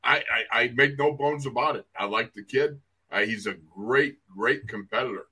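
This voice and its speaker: A man's voice: mid-range voice, moderate pace, sharp tone, breathy edge. A man co-hosting a football podcast, telling old coaching stories with laughs and emphasis. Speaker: co-host, former player. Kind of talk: casual podcast chat.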